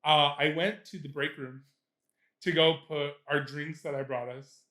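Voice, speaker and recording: A young man with a slightly higher voice chats loosely on a podcast and laughs as he tells his stories. He swears freely and speeds up when a bit gets going. The sound is roomy and echoey. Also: fairly even intonation, measured pace, sharp tone. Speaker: podcast co-host. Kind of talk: casual chat. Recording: echoey room.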